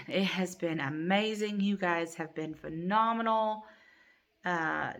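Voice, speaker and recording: A woman's voice: fairly low pitch, pushed and bright. A middle-aged woman hosting a crochet channel, chatting casually and rambling with many ums from her living room at home. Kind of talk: casual chat to camera.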